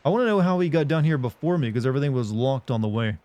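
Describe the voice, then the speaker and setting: A man's voice: mid-range voice, animated, rapid-fire, a little mellow, dry recording. A man chatting casually with viewers while streaming a game, rambling, joking, and laughing often. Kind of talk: casual chat while playing.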